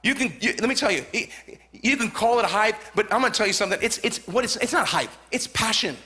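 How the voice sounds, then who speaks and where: Male pastor in his forties, Southern Californian accent, high bright voice, fervent sermon delivery with repeated lines. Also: expressive, quick pace. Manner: fervent, repetitive, rising to shouts.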